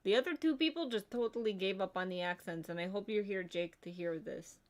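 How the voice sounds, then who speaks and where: A woman's voice: mid-range voice, a little fast. A woman co-hosting a casual livestream chat, rambling and chatty with lots of filler words. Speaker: livestream co-host.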